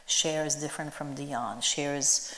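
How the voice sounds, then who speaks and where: Onstage in an event hall before a live audience, a woman is interviewed about her costume design work. Her low voice is bright and forceful, with fairly even intonation and a measured pace. She chats enthusiastically, full of fillers, and the hall adds a roomy echo.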